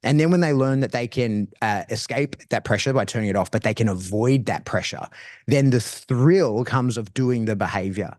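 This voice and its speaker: A man's voice: medium pitch, normal speed, no room sound. Slangy dog-trainer man, dry sound. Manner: animated, slangy, restarts phrases. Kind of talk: casual explanatory chat.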